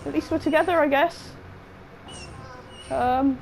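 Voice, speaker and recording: A young woman, commentating on a game she is playing, excitable and swearing often, with a sore throat. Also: high voice, measured pace, vocal fry, a little hiss or hum, poor audio. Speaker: game streamer. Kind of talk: let's-play commentary.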